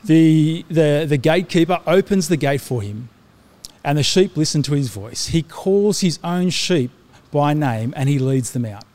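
A man's voice: a little high, expressive, measured pace, darkish tone. A middle-aged man delivers a sermon in a slightly raised speaking voice. He is earnest and conversational, circling back and restarting phrases with small fillers. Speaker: pastor.

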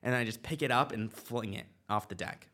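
A man's voice: medium pitch, fairly quick. A man co-hosting a podcast, telling a story in casual chat with lots of fillers. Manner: animated storytelling with many fillers. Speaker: podcast co-host.

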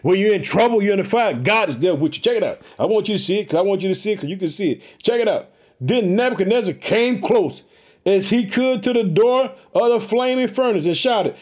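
Male preacher, high voice, lively sermon, reads and riffs with exclamations. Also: a little fast. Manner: exclamatory, repeats catchphrases, swings between reading and asides. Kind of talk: energetic sermon retelling scripture.

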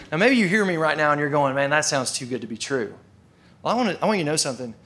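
A man's voice: fairly high pitch, fairly bright tone. A male preacher telling a story in a casual, conversational sermon, with frequent filler words.

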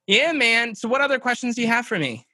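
A man's voice: very high-pitched, quick pace, no room sound. A man chatting as a podcast guest, telling stories with energy and acting out what people said. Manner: animated storyteller who acts out dialogue. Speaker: podcast guest, children's book publisher. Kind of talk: casual podcast conversation.

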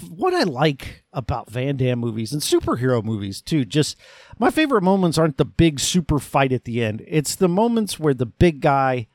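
In a dry, studio-quality recording, a man with a mid-range voice hosts a podcast. He casually and enthusiastically reviews an action movie, rambling with fillers.

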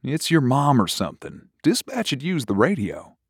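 A man's voice: mid-range voice, huge pitch swings, moderate pace, breathy edge, no room sound, clean studio sound, pitched above the performer's own voice, heavily acted. A man voicing a playful, sleepy wife who teases her husband in the night, in a read-aloud story. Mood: teasing. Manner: playful, teasing. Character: teasing drowsy wife woken at night.

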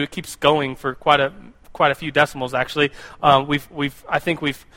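Speaking briskly with a fairly high, bright, forceful voice and fairly even intonation, a young American Bible teacher or youth pastor addresses a live group casually. His sermon rambles, words get repeated, and he pauses to put questions to the audience.

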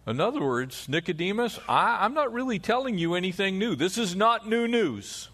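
A man's voice: high voice, expressive, moderate pace. Man preaching a sermon with emphatic swings. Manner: preaching with emphatic rises and hushed drops. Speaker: pastor.

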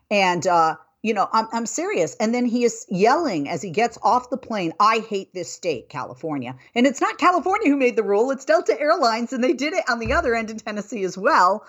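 A middle-aged woman hosting a talk show, telling a travel story in a chatty way and building into an exasperated rant. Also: fairly low pitch. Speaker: host. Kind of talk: casual commentary monologue.

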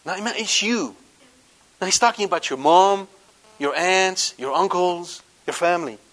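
A man preaching to a live congregation, animated, questioning the audience and swinging between loud emphasis and quiet asides. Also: high voice, normal speed. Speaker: Catholic preacher.

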